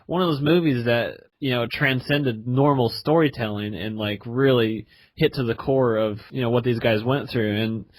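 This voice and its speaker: A man's voice: medium pitch, moderate pace, few pauses, dry recording. A man co-hosting a podcast in casual chat, rambling with lots of fillers. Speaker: podcast co-host.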